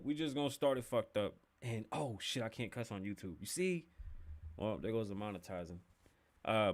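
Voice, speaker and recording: A young man hosting a casual podcast livestream, joking and chatting loosely, swearing freely as he talks to viewers. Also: on the low side. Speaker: podcast host.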